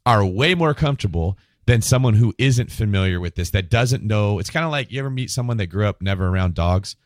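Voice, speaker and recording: Man, podcast host, asks questions, says yes a lot, lower voice, dry sound. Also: expressive, fairly quick, no room sound. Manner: asks questions, short affirmations. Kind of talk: casual conversation.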